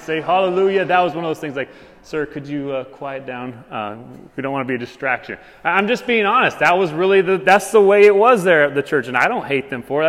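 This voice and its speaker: A man's voice: on the high side, a bit bright. A man preaching a sermon as pastor, in a loose, conversational way with many fillers. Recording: long reverb of a church hall.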